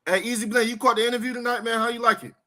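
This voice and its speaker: A man's voice: extremely high pitch, level tone, very fast, pushed and bright. A young man co-hosting a casual live sports stream, reading viewer comments aloud, teasing his co-host and laughing often.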